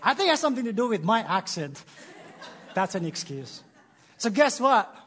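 A man with a Filipino accent, opening a sermon in church with jokes, animated and laughing at himself. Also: high-pitched, normal speed, some chatter behind. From Philippines. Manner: animated, laughing, self-deprecating. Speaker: church speaker. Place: church, before a congregation.

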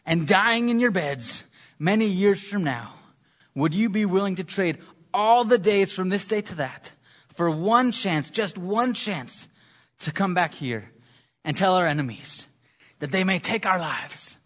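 A man preaching recites a defiant medieval rebel leader's rallying speech to his troops, building toward a shout. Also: high voice, animated, unhurried, exaggerated voice. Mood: rousing. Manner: rousing, rising to a yell.

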